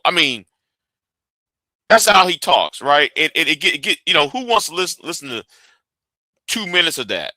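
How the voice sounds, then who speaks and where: A man's voice: on the high side, sing-song, normal speed, pauses often, pushed and bright, dry recording. A man hosting a live stream, ranting and arguing, often stumbling and repeating his words as he restarts sentences.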